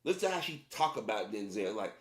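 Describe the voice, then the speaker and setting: A man's voice: lowish voice, big pitch swings, fast talker, a bit bright. A man giving casual commentary to his viewers, emphatic and repetitive, often restarting his sentences. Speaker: commentary vlogger. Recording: roomy echo.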